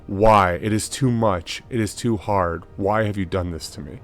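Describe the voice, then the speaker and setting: A man voicing a proud, self-doubting male warlord commander in a quiet, low-key dramatic reading. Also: normal speed, lightly acted. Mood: anguished.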